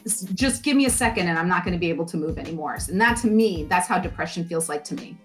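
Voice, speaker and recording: A middle-aged woman, a life coach, talking as a podcast guest in a lively, expressive way with playful asides. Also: on the low side, fast, soft background music. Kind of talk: podcast interview.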